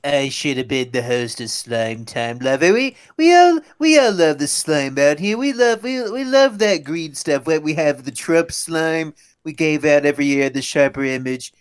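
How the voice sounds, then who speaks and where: A man's voice: on the high side, very animated, moderate pace, clear, resonant tone. A man doing a bragging, aggrieved politician. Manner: rambling, self-pitying boasts.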